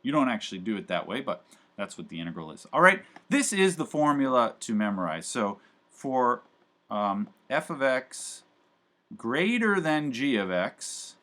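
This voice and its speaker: A man's voice: mid-range voice, big pitch swings, normal speed, fairly bright tone. A man teaching a live university calculus class, talking casually with lots of fillers and joking asides. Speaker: university math professor.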